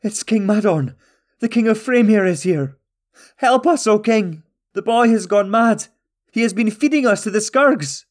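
Frantic captive crying out, high and loud, voiced by a male narrator. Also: lively intonation, unhurried. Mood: desperate. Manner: shouting, pleading. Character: desperate chained prisoners crying for help.

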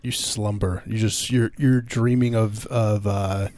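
A man co-hosting a comedy podcast, adding dry deadpan one-liners to the banter. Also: on the low side, unhurried, no room sound. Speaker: podcast co-host. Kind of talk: casual comedic chat.

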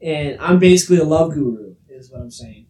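A man's voice: on the high side, brisk, background noise. A young man in casual podcast chat, animatedly telling a story and acting out the voices in it. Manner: animated, acts out quoted voices. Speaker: podcast co-host.

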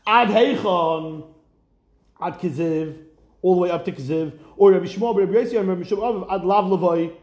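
A man teaching a Talmud class, lively and questioning, mixing Hebrew and Aramaic terms into his English. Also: sits high, normal speed, roomy sound.

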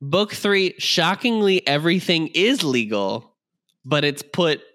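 A man's voice: fairly high pitch, sing-song, a bit bright. A man co-hosting a podcast, chatting casually and wryly recapping a book chapter. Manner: wry, recaps the plot with quick quoted voices. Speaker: podcast co-host. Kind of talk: casual chat.

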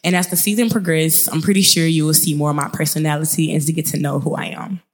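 A woman in her twenties with a thick Mississippi Southern accent, hosting a podcast in a chatty, upbeat monologue that speeds up when she gets excited. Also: low-pitched, fast talker. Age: 20s. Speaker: podcast host. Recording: long reverb.

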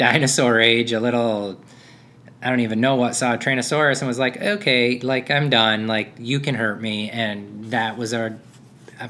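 A man's voice: mid-range voice, a bit bright, a little hiss or hum. A man, a podcast host in his thirties, talking about fatherhood in a casual, rambling monologue full of fillers and restarts. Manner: rambling, self-interrupting, with frequent fillers.

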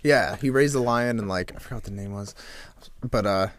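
A young man in casual podcast talk, with a mid-pitched voice. He jokes his way through his stories and keeps slipping into quoted voices for effect. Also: a little fast, no room sound. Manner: jokey, fills his stories with put-on quotes. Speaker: podcast co-host. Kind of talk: casual chat.

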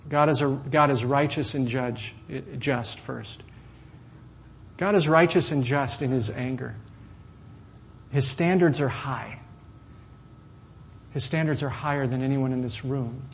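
A man preaching a sermon to a congregation, lively and often asking questions of his listeners. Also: mid-range voice, unhurried, long pauses, slight background noise. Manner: animated, asks the audience questions. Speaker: pastor.

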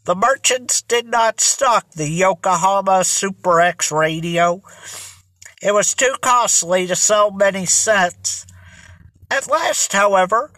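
A narrator reading a mystery story aloud with scripted, animated delivery. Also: medium pitch, takes it slowly, dry recording. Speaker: audiobook narrator.

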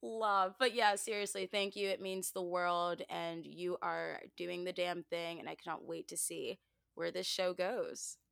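A woman's voice: fairly low pitch, steady tone, unhurried, gravelly, fairly bright tone, clear, resonant tone, dry recording. Young woman, podcast guest, upbeat and chatty, dry close sound. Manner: chatty, upbeat, says "like" often. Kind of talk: casual podcast chat.

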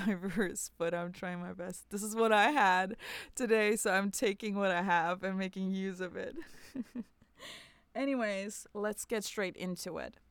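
A woman's voice: fairly low pitch, clean tone, dry recording. A woman hosting a casual podcast chat, frank and playful, laughing often as she talks. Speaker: podcast host.

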